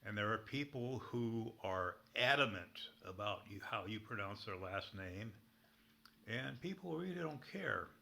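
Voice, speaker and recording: A man's voice: on the low side, animated, unhurried, creaky, pushed and bright. A man taking part in an online discussion, speaking casually in a rambling, anecdotal way. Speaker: participant. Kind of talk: casual chat.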